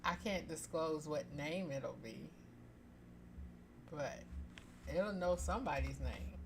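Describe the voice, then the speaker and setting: A woman reading a story aloud on a live stream, expressive and chatty, pausing to joke with her listeners. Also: deep voice, vocal fry, background noise.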